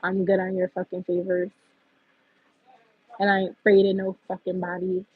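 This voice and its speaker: Blunt, husky woman venting on a livestream. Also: fairly low pitch, completely flat delivery, moderate pace, dry recording, phone-quality sound. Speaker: livestream host. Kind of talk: heated livestream rant.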